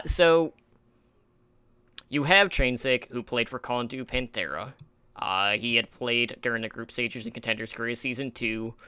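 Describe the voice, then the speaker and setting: A man's voice: mid-range voice, pushed and bright, smooth, no echo. A man hosting an esports talk show in a casual, rambling way, with lots of fillers, and he stumbles over player names. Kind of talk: casual esports podcast chat.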